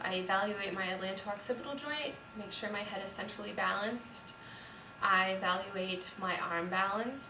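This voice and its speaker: A young woman voice teacher calmly explaining and demonstrating a vocal warm-up at home. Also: medium pitch, noisy background. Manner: calm, explanatory, sings scale demos. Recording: roomy echo, voice from a distance, piano. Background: piano.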